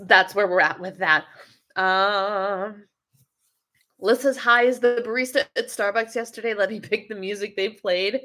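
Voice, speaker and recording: A woman who is a wellness coach, chatting on a webcam livestream and reading out viewer comments. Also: on the high side. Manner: chatty and animated, laughs often.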